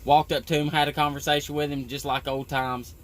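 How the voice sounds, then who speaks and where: A man's voice: fairly high pitch, flat delivery, brisk. A man who works on a tree-trimming crew, telling a story in a rambling, profane way with lots of "you know". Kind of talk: casual storytelling.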